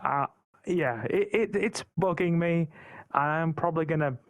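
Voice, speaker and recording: A man's voice: a little high, measured pace, no echo. A British man talking casually in a podcast roundtable, rambling and often repeating words as he thinks. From Britain.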